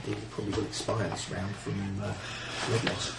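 A man's voice: lowish voice, level tone, a little fast, creaky, music in the background. Dry man running the game. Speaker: game master. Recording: echoey room with background hiss.

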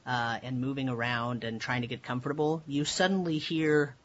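A man's voice: medium pitch, fairly even intonation, moderate pace, a bit bright. A man narrating as dungeon master of a tabletop game, talking loosely with many fillers. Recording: dull lo-fi audio with faint background hiss.

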